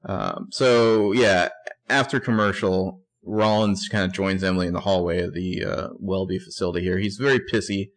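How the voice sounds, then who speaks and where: A man's voice: low-pitched, steady tone, normal speed. A man co-hosting a casual TV recap podcast, narrating scenes bluntly and swearing often. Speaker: podcast co-host.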